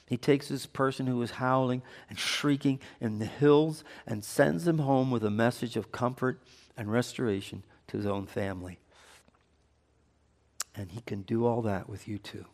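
A pastor preaches a sermon, moving between earnest teaching and light banter with the congregation in a conversational style. His mid-range voice has a darkish tone and normal speed. Long hall reverb fills the recording.

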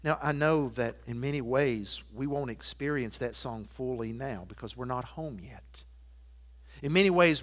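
A man preaching a sermon, quoting scripture and hymn lines and moving from loud emphatic declarations to soft, intimate asides. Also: fairly high pitch. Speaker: pastor.

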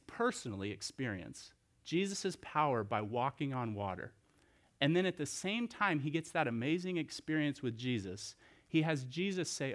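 A man's voice: on the high side, a bit bright. A man preaching a sermon as pastor, telling a scripture story in a conversational way with rhetorical questions and restarts.

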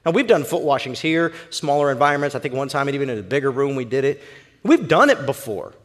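A male pastor preaching a sermon in an emphatic, animated storytelling way. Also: mid-range voice, fast talker, big-room sound.

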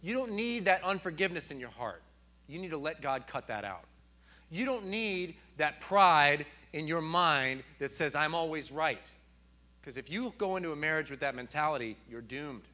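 A man in his thirties preaching a sermon, animated and telling stories with sudden loud outbursts. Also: fairly high pitch, normal speed. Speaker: pastor.

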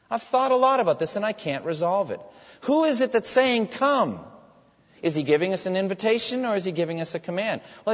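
A man preaching a sermon, his voice rising and falling with lively intonation as he reads scripture with emphasis and asks questions. The sound is dull and lo-fi. A long reverb trails each phrase, as in a large hall. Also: sits high.

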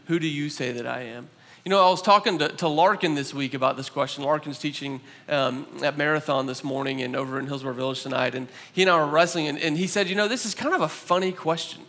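A man preaching a sermon as pastor, talking conversationally with an animated delivery. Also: fairly high pitch, big-room sound.

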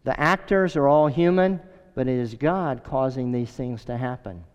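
A middle-aged man preaching a sermon with earnest, emphatic storytelling and a smooth, resonant voice. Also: mid-range voice, normal speed. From United States. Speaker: pastor. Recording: echoey hall, dull sound.

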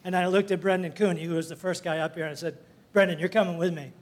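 A man's voice: high voice, steady tone, fast talker. An older man sharing a rambling, folksy church testimony, full of fillers and little laughs. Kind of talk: casual storytelling testimony.

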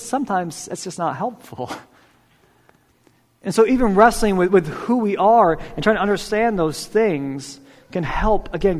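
A man in his thirties preaching a sermon in a casual, conversational way, asking the congregation questions and repeating "right?". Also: fairly high pitch. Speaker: pastor. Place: church hall. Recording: long hall reverb.

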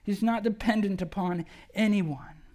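A pastor preaching a sermon to a church in a conversational, animated way, often asking rhetorical questions. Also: medium pitch, unhurried. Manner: animated, acts out quoted speech.

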